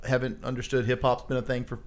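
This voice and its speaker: A man co-hosting a podcast, telling stories in casual chat, animated, swearing and laughing often. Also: medium pitch, fast. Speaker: podcast co-host.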